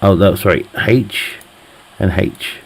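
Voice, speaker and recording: A man's voice: deep voice, slow. A man live streaming a game, chatting casually with viewers, joking, teasing the chat, laughing often and swearing freely.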